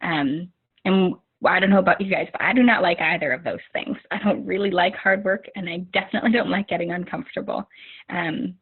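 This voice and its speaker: A young woman with a low, husky voice gives a rambling pep talk to her team, full of fillers and restarts. She comes through a narrow, tinny video call line. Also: steady tone, a little fast. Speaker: team leader giving a motivational talk.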